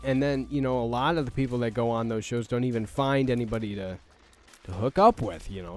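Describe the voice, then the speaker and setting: A man's voice: mid-range voice, brisk, darkish tone. A young man hosting a let's play, ranting in a rambling, exasperated way with stammered restarts and frequent swearing. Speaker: gaming channel host. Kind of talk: let's play commentary rant.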